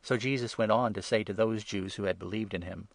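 A man giving a measured, even scripture reading. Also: lowish voice, gravelly, dry recording. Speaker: reader.

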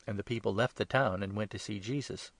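A man reads scripture aloud in a steady, measured and solemn way. His voice sits low and carries a gravelly, creaky edge. The sound is dry and close, with no room around it. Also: dry recording. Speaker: scripture reader. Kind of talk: scripted Bible reading.

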